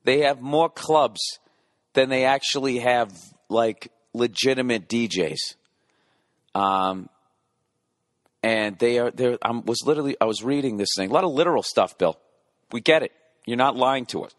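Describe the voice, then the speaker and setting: A man's voice: medium pitch, moderate pace, dry recording, clean studio sound. Profane, ranting man in his forties. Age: 40s. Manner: profane ranting, mimics beats with his mouth; heckles himself in asides. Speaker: podcast host. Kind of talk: rambling comedic monologue.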